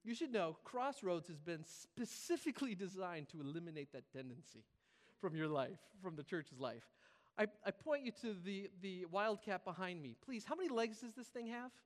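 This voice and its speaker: A man's voice: sits high, lively intonation, moderate pace. A man preaching a humorous sermon as a pastor, joking and acting out voices with laughing asides. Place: large church hall. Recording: reverberant hall.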